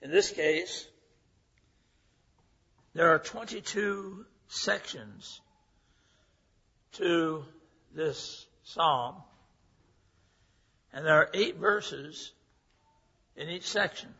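A male pastor preaching a sermon in a church sanctuary, speaking slowly with a slightly raised pitch. His voice is gravelly and husky, and he teaches by posing questions and answering them himself. The recording sounds dull, with a long hall reverb. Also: sharp tone.

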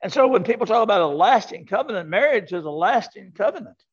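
A man's voice: high-pitched, lively intonation, fast talker, breathy edge. An older man preaching a sermon to a congregation, emphatic, repeating his key words. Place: church sanctuary. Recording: dull lo-fi sound.

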